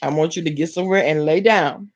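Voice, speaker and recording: A woman's voice: deep voice, fast, lo-fi sound. Sassy Southern woman gossiping to chat. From Alabama. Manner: sassy, talks straight to chat, laughs often. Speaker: vlogger reading live chat. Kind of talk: casual live-stream gossip.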